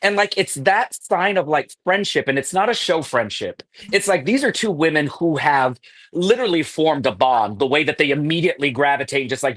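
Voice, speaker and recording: A host recapping a reality TV episode on a live show, animated and laughing often. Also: medium pitch, a little fast, no room sound. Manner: animated storytelling with acted quotes. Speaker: podcast host.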